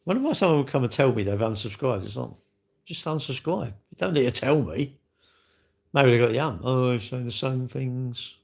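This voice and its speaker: This man, streaming live from home by his kitchen, sneers at what his viewers type in a loose, sarcastic chat. He sounds very animated and brisk, with a medium pitch, a creaky, slightly dark tone, and a breathy edge.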